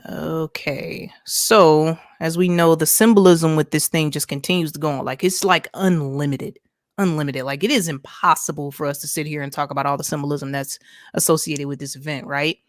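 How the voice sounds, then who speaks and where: A woman's voice: low voice, fairly even intonation, normal speed, dry recording, studio quality. A woman co-hosting a casual ranting commentary over a video call, talking emphatically and asking "right?" again and again. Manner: emphatic, repeats points with rhetorical "right?". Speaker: podcast co-host.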